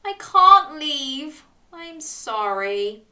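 A woman doing a sad, gentle dog. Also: sits high, sing-song, drawn-out words, pitched above the performer's own voice, heavily acted.

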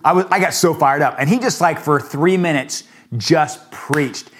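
A man preaching a sermon with fervent, emphatic peaks, falling into relaxed conversational storytelling between them. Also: a little high, moderate pace. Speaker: pastor.

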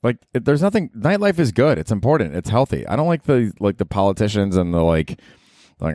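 A low-voiced man hosts his own comedy podcast, talking alone in a loose, profane ramble. He mocks himself and leans into sudden bursts of emphasis. The sound is close and completely dry. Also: big pitch swings, normal speed, dark tone, no room sound. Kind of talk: casual solo podcast monologue.

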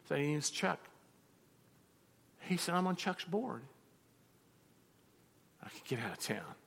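A male pastor with a gravelly, vocal-fried voice that is on the high side and fairly bright preaches a sermon full of personal stories, speaking a little slowly with big pitch swings. He acts out both sides of the conversations he recounts. Long reverb from a large hall surrounds the sound.

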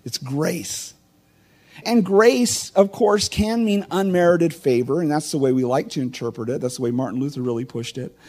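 A man's voice: fairly high pitch, moderate pace, a little mellow. A middle-aged man and pastor giving a chatty, conversational sermon, asking his listeners questions and telling personal stories. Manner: chatty and informal, asks the congregation questions, tells personal stories. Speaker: teaching pastor.

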